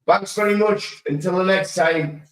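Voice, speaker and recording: Mężczyzna z północnej Anglii, gada w pogłosie. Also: male voice, high voice, moderate pace. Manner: animated storytelling, swears, laughs often. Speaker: podcast co-host. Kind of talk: casual chat. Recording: roomy sound, mic at a distance.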